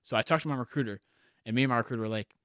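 A young man casually telling stories as a podcast guest, animated and swearing often. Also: medium pitch, very fast, clean tone, dry recording, studio quality. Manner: swears a lot, animated, laughs through stories. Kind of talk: casual storytelling chat.

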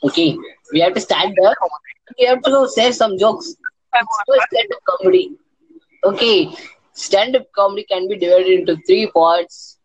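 A man's voice: high-pitched, moderate pace, breathy edge, highs cut off. A man in an online voice chat explaining in broken phrases.

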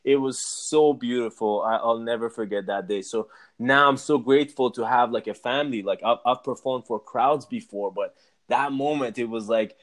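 A man, a musician being interviewed, telling a personal story in a casual, animated way and acting out his own reactions. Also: mid-range voice, normal speed. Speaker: guest, musician.

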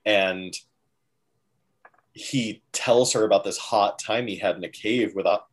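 Man, podcast co-host, casual chat, animated and jokey, acts out lines. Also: on the low side, unhurried. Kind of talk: casual chat recapping a film.

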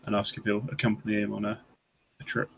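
A man's voice: lowish voice, completely flat delivery, fast talker, creaky, fairly bright tone, breathy edge. A man playing a tabletop game, speaking hesitantly. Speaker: player. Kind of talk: tabletop role-play.

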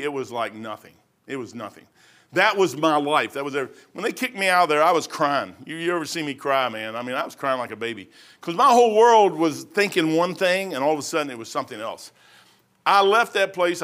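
Bright-voiced folksy man preaching. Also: a little high. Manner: rambling, folksy, rising to loud emphatic bursts. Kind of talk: informal sermon.

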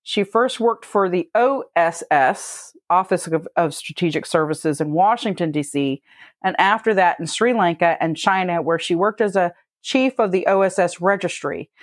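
A woman's voice: lowish voice, moderate pace, no room sound, studio quality. A woman co-hosting a comedy chat, reading out facts in a matter-of-fact way. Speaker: co-host presenting facts.

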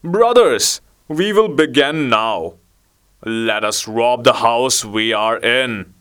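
A man's voice: mid-range voice, lively intonation, takes it slowly, clear, resonant tone. A man doing a blustering fat bandit. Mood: rousing. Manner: loud, blustering.

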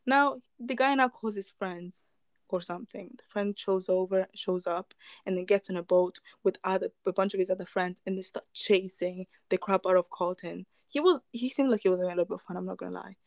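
A woman's voice: mid-range voice, brisk, dry recording. A woman casually retelling a true crime story, rambling with fillers, restarts and chuckling asides.

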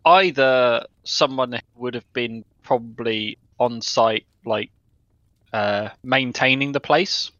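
A young man with a bright, forceful voice talks through his ideas as a tabletop player, pausing and restarting often. The sound is dry and a little dull, like a lo-fi recording. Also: medium pitch, no echo. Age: young adult. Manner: hesitant, many fillers and restarts. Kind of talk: casual tabletop chat.

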